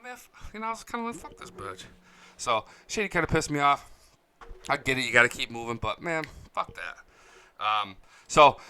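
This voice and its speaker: A man with a strikingly bright, crisp voice talks casually about his team straight into a close, dry studio mic. He tells stories bluntly and swears freely, like a regular fan-show host. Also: mid-range voice, no room sound. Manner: blunt, profane storytelling. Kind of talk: casual sports talk to viewers.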